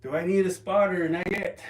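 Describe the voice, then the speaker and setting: A man chatting casually on a livestream, rambling and halting with ums and restarts while resting an injured calf. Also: high-pitched, slight background noise. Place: home, lifting weights while streaming. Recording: roomy, from a distance.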